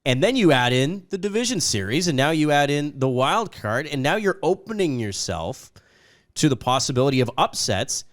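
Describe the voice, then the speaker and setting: Slightly raspy man talking sports. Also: on the high side, big pitch swings, moderate pace. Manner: chatty, opinionated, jokes at himself. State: lingering raspy voice after an illness. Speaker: co-host. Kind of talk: casual sports talk.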